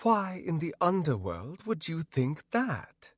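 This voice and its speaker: Man putting on a slow, haughty demoness queen. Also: fairly high pitch, big pitch swings, a bit bright, no echo, studio quality, pitched above the performer's own voice, full character voice. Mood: mocking. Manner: slow, commanding villain voice.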